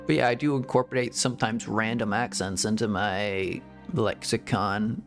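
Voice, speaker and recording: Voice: medium pitch, steady tone, brisk, vocal fry, music in the background. A VTuber streamer chatting casually and rambling through a game stream, full of "like"s, restarts and giggles. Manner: rambling, filler-heavy talk with many "like"s and restarts; frequent giggling. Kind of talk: casual gaming stream chat.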